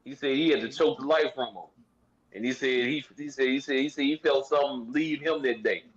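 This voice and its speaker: A man's voice: medium pitch, fairly quick. Man from Memphis on a dull lo-fi mic. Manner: hesitant, repeats himself. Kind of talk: casual storytelling chat.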